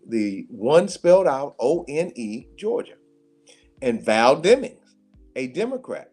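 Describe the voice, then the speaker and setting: A man hosting a live talk radio show, emphatic and animated, breaking into laughter. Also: medium pitch. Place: radio studio.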